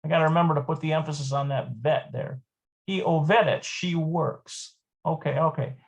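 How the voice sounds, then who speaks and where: A Hebrew teacher giving a live online lesson, thinking aloud, hesitant and repeating words slowly. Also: mid-range voice, gravelly.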